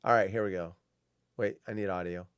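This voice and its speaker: A man's voice: sits low, steady tone, brisk, clear, resonant tone, dry recording. A man hosting a live-stream show alone, reacting with sarcastic, rambling commentary and muttered asides. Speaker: show host.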